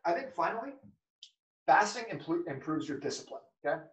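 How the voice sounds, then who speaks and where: A man's voice: on the high side, big pitch swings, a little fast, fairly bright tone, echoey room, distant mic, rough recording. A man hosting a solo podcast, talking casually and rambling with frequent fillers. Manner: casual, rambling, lots of "okay" and "like". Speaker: podcast host.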